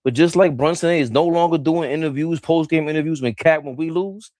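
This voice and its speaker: A man co-hosting a casual basketball talk show, animated and joking, laughing in the middle of his sentences. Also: fairly quick, no echo. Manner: animated, laughs mid-sentence, swings between loud and low. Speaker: co-host.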